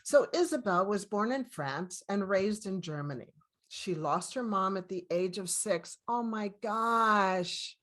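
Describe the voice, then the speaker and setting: A woman's voice: mid-range voice, a little slow, a bit bright. Enthusiastic older woman hosting an interview. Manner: enthusiastic, laughs often. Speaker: host. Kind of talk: casual interview chat.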